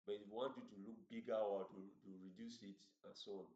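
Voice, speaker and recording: Man, low voice, halting tutorial delivery, dull roomy lo-fi recording. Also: fairly even intonation, darkish tone. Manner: halting, repeats words while explaining. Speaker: coding instructor. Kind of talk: screen-share coding tutorial.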